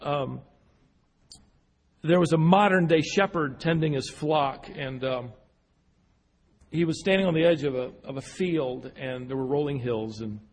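Delivering a sermon with hall reverb around him, this preacher speaks a little slowly in a slightly high voice, leaving long pauses. His storytelling is full of restarts and repeated words, and it rises to forceful, emphatic high points.

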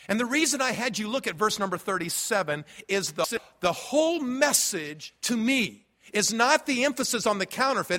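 A man preaching a sermon as a pastor, swinging between loud emphasis and quiet, low asides. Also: long reverb tail.

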